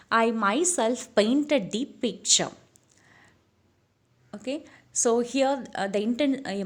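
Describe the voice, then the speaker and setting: A woman teaching English grammar, who fills her explanations with "uh" and restarts and repeats each example slowly. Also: a little high. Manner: many "uh" fillers and self-corrections, repeats the examples slowly.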